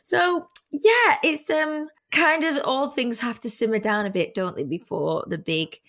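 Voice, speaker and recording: A woman's voice: fairly high pitch, normal speed, a bit bright. A woman co-hosting a casual chat, giggly and self-mocking. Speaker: podcast co-host.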